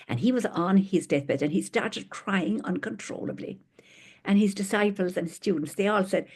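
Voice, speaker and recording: A woman hosting a spiritual gathering over a video call, talking gently and rambling affectionately between stories. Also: low-pitched, animated, normal speed, husky. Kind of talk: informal spiritual talk with stories.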